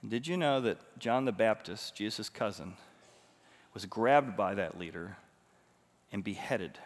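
A pastor preaching a sermon, moving between hushed storytelling and loud, emphatic passages. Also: male voice, lowish voice, lively intonation, unhurried. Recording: long reverb of a large hall.

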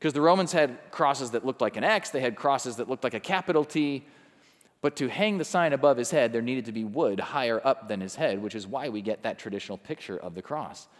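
A male pastor preaching with a lively, rising and falling voice. He drops to a hush and then builds back up with emphasis. His voice carries a long reverb from a church sanctuary. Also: medium pitch, fairly quick. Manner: dynamic, swings from hushed to emphatic. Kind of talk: sermon.

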